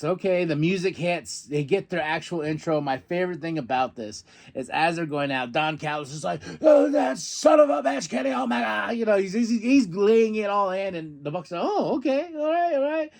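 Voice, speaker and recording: A man hosting a podcast, recapping a wrestling show in a loose, chatty way. His voice sits a little high, and he gets excitable, acting out quotes and laughing as he goes. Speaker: podcast host.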